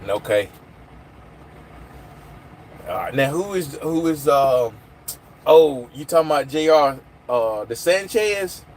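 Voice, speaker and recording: A man's voice: on the high side, lively intonation, slow pace, pauses often, darkish tone. Man, phone livestream host, rambling casual chat, faint traffic noise behind. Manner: rambling, chatty, answers chat comments. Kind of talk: casual live chat with viewers.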